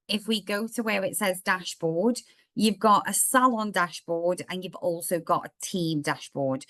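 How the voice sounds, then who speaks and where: A woman with a slightly croaky throat walks through a software demo in a friendly, chatty way. Her voice is dry and close, with no room echo, and sits at an ordinary pitch for a woman. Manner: chatty, explaining step by step. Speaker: software trainer. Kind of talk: live online workshop demo.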